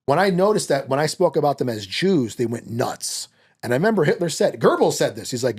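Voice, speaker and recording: A man talking as a podcast guest in a fast, heated, profane rant. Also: medium pitch, husky. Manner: fast, animated, profane ranting.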